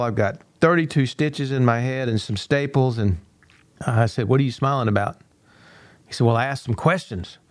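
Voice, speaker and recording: An older man, a coach and university teacher, giving a motivational talk as an animated storyteller who acts out quoted dialogue and repeats words now and then. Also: medium pitch, no echo.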